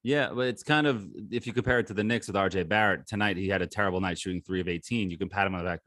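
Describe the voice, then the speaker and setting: A man's voice: sits low, rapid-fire, hardly any pauses, a bit bright, dry recording, studio quality. A man co-hosting a casual sports podcast, joking and sarcastic, often laughing as he talks. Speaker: podcast co-host.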